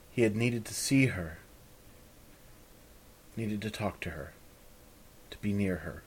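A man narrating a fantasy story in a calm, even storytelling manner. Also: fairly low pitch, husky.

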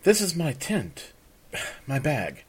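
A man's voice: a little high, wildly swooping pitch, slow, breathy edge, voice pushed up, exaggerated voice. A man doing a flustered, charming young bard. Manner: florid, apologetic, evasive.

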